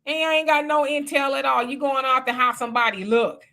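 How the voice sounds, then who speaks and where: A woman hosting a casual livestream, reading viewer comments and chatting with animated, laughing asides. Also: high voice, brisk. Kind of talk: casual live chat.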